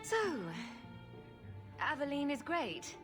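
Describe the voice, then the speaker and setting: A woman's voice: high-pitched, very animated, slow pace, fairly bright tone, soft background music, full character voice. An actress playing a confident female hero in a video game, light and teasing.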